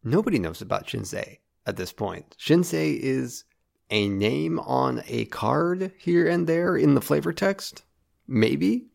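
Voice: mid-range voice, expressive, slow pace, vocal fry, darkish tone. A podcast co-host in casual chat, with dry, wry humor.

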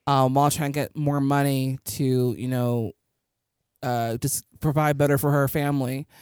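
Smooth-voiced woman podcaster, casual ramble. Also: extremely low pitch, little pitch movement, normal speed, darkish tone, no echo, clean studio sound. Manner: rambling, filler-heavy recap. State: tipsy from drinking. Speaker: podcast co-host. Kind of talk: casual chat.

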